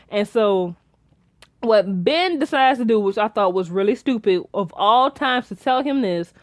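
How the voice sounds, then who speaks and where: A young woman reviewing a TV episode in casual chat, rambling and excitable with many restarts and fillers. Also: mid-range voice, measured pace, no echo, clean studio sound. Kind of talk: casual episode recap and theorizing.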